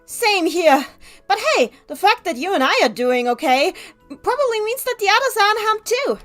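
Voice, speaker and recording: A woman voicing a smart, calm boy from a game, who talks in a reasoning, reassuring way. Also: extremely high pitch, normal speed, soft background music, pitched above the performer's own voice, heavily acted.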